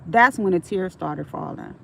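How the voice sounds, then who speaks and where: A woman's voice: on the low side, normal speed, vocal fry, fairly bright tone, low-quality recording. A middle-aged woman telling stories on a casual livestream, frank and streetwise, swearing freely, with faint traffic noise behind her.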